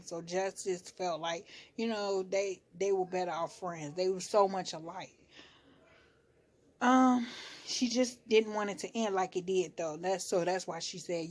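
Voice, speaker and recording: Female vlogger, casual recap talk, slangy, animated delivery. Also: on the low side. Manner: chatty, animated, slangy, shifts into quoted voices.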